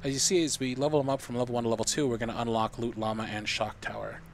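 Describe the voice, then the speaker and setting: A man's voice: mid-range voice, little pitch movement, very fast, a little hiss or hum. A man streaming a video game live, walking viewers through the steps in a chatty, explaining way.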